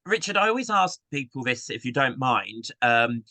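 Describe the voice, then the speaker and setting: Bright, lively-voiced male interviewer. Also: mid-range voice, moderate pace, dry recording. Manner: chatty, encouraging, with small affirmations. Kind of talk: casual interview questions.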